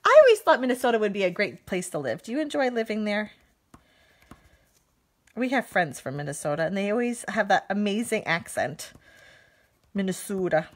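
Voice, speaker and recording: A woman's voice: medium pitch, big pitch swings, fairly quick. A woman in her thirties demonstrating card making on a live stream, chatting and laughing as she answers viewer comments.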